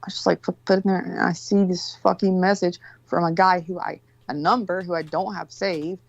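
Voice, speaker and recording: Woman, low voice, casual profane storyteller, dull dry lo-fi sound. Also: fairly even intonation, fairly quick, gravelly, dry recording. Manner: rambling, profane, exasperated.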